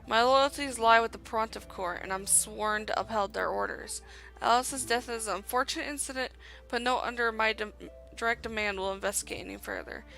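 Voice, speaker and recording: A woman reads out a grieving young woman soldier commander from a fantasy game, accusing and raw, then clipped and official. The voice sits a little high, bright and edged with some fry. Faint game music plays behind her. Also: fairly quick. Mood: stiff, formal. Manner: accusing, then stiff and formal.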